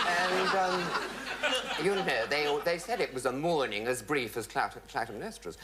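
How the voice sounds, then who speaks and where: A man's voice: fairly high pitch, big pitch swings, normal speed, very noisy. Theatrical man telling comic anecdotes. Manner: theatrical, mimics voices, relishes words. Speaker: comic raconteur. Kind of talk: comic anecdote before an audience.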